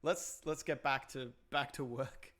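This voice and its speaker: A woman's voice: rumbling low, a little slow. An Australian woman co-hosting a stream, cracking dry jokes and muttering to herself as she works. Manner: dry jokes, muttering while working on screen. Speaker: stream co-host. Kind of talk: casual chat.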